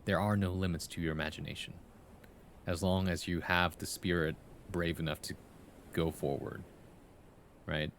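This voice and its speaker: Low gravelly-voiced man streaming casually. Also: flat delivery, moderate pace, long pauses, fairly bright tone, a little hiss or hum. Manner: playful, reads poems aloud, hums rhythms, tags questions with "right?". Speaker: streamer giving feedback on viewer writing. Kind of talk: casual live-stream chat and poem reading.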